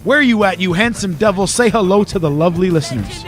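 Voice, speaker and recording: A man's voice: sits high, expressive, quick pace. A man hosting a podcast in casual chat, rambling, joking and swearing freely. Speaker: podcast host.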